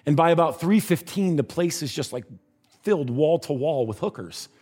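A man's voice: a little high, lively intonation, normal speed, darkish tone. A man preaching a sermon, telling a story in a conversational way and dropping his voice at tender moments.

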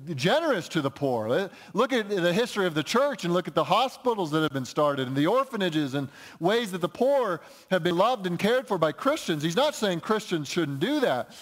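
A pastor preaching a sermon in a conversational, explaining way, often restarting phrases. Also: male voice, high-pitched, big pitch swings, brisk, hardly any pauses.

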